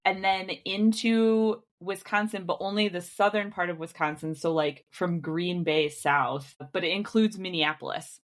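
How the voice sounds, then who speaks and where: A young woman with an Inland North accent explains things at an even pace, laying out points one after another. Her voice is a little low for a woman. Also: a little slow, hardly any pauses. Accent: Inland North American. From Rochester, New York. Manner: explanatory, steady, lists things out. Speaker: podcast co-host. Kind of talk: casual chat.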